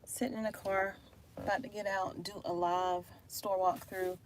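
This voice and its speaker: A woman's voice: mid-range voice, level tone, moderate pace. A woman chatting to viewers on a live stream. She sounds tired and frustrated and talks loosely, first from her car and then inside a store, with her phone held up. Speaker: vlogger. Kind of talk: casual live-stream chat. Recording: phone recording with clear background noise.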